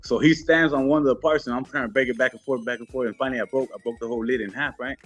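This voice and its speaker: A man's voice: medium pitch, fairly even intonation, rapid-fire, husky. A man as a podcast guest, telling a story casually in street slang, laid-back and acting out what others said. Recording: muffled with faint music.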